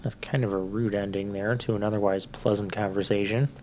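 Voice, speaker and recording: A man's voice: on the low side, level tone, brisk, a little mellow, slight background noise. A man hosting a let's play, giving rambling, chatty gameplay commentary full of fillers. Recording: slightly muffled lo-fi mic.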